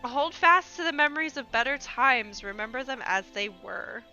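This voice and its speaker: A woman voicing an earnest, compassionate young woman adventurer, reading game dialogue aloud in a gentle, pleading way. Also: sits high, animated, normal speed, dull audio, soft background music, heavily acted. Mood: tender, earnest.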